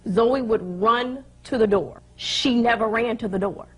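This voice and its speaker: A woman's voice: a little high, measured pace, a bit bright, husky. A woman testifying as the plaintiff on a courtroom show, recounting events in an agitated way and acting out what others said. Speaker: plaintiff in a small claims case.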